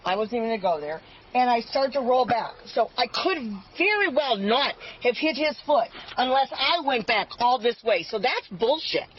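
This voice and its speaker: An older woman in her seventies argues back defiantly, her speech slurred. Her voice sits high and swings widely in pitch. The sound is dull and muffled, with clear background noise from a police body camera outdoors. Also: big pitch swings, moderate pace. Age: 70s. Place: outdoors at a house.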